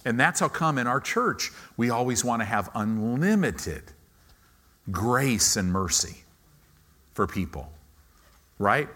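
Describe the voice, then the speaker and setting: Animated, bright-voiced male pastor preaching. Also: mid-range voice, slow, pauses often. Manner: animated storytelling with sudden loud peaks and quiet asides; preacher's repeated emphatic contrasts. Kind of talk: sermon.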